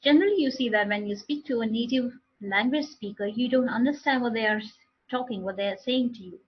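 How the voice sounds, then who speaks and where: Husky woman teaching English online. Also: on the high side, brisk, dull audio. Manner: explanatory, repeats and restarts phrases. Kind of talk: online class lecture.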